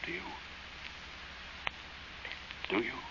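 An actor playing a plain-spoken man who tells of a frightening night, narrating slowly and confidingly in a 1940s radio drama. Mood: tense, scared. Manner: slow, confiding storyteller. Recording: dull, hissy old radio recording.

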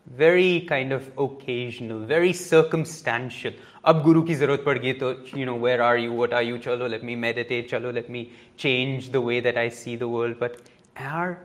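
Reflective man. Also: mid-range voice. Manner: reflective, asks many rhetorical questions. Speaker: podcast host. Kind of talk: reading a spiritual book aloud with commentary.

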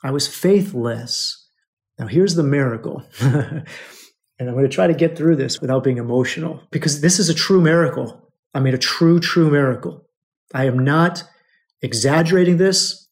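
An American podcast host with a voice on the high side, speaking at a moderate pace, tells his listeners a personal story. He's emotional and repetitive, and he calls his audience brothers.

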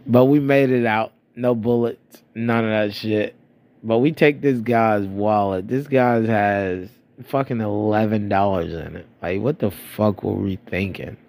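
A man's voice: lowish voice, measured pace, darkish tone. A man in his thirties from Florida, telling rambling, profane stories about his past in a casual monologue, a bit stuffy-nosed. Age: 30s. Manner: profane, rambling, laughing at himself. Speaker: storyteller.

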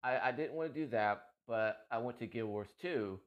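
Male game vlogger, mid-pitched, loose rambling chat, slightly muffled recording. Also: moderate pace. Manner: rambling, repeats himself, laughs easily. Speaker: gaming content creator. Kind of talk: casual chat about a game.

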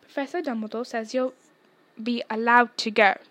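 A woman's voice: a little high, steady tone, normal speed, a bit bright, no echo, natural voice. A woman voicing a fussy, strict school nurse who speaks firmly. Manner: firm, fussy.

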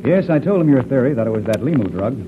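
A man voices a confident hunter hero who talks in a brisk, reassuring way. His voice moves with lively pitch, in 1940s radio-acting style. The old broadcast sounds thin and tinny, with loud hiss. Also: close to an everyday voice.

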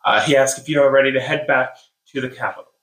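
A man's voice: mid-range voice, steady tone, fast, fairly bright tone. A man narrating as game master in an easygoing way, explaining rules and setting scenes. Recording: echoey room.

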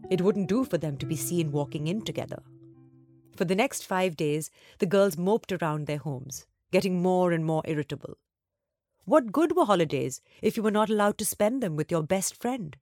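A woman reading a children's story aloud, with expressive, varied delivery. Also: on the low side, normal speed, no echo, soft background music.

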